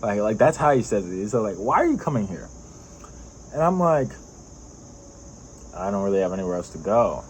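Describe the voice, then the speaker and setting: A man's voice: fairly low pitch, lively intonation, fairly quick, long pauses, darkish tone, slight background noise, rough recording. Rambling young man telling his story. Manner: rambling, filler-heavy, laughs often. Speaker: vlogger. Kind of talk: casual personal storytelling.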